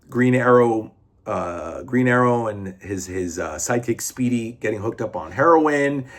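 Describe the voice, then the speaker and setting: Male reviewer, casual, rambling delivery, middle pitch. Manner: rambling, lots of fillers, restarts and swearing. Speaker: comic book reviewer.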